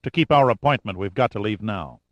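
A man voicing a matter-of-fact helicopter pilot who speaks firmly and flatly. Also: lowish voice, fairly quick, no echo, highs cut off, close to an everyday voice. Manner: firm, flat, businesslike.

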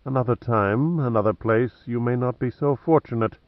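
A man reading an audiobook plays a wry, cocky male adventurer who stays cool under threat, mocking and deliberate. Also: medium pitch, dry recording, muffled recording, close to an everyday voice.

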